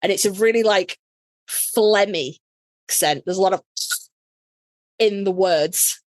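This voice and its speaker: A British woman, a podcast guest, telling a story in casual chat, animated and swearing freely. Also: mid-range voice, measured pace, no echo. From United Kingdom.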